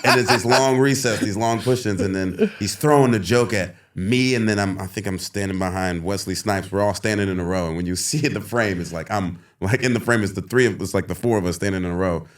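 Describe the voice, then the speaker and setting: Guy with a lowish voice telling lively showbiz stories, laughs a lot, does the other people's voices. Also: brisk, hardly any pauses. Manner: laughs often, acts out others in high voices. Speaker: guest actor. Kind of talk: animated storytelling.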